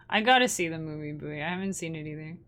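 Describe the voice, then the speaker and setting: A woman's voice: low-pitched, fairly bright tone. A young woman, hosting a livestream in casual, rambling chat and laughing often. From Canada. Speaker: livestream host.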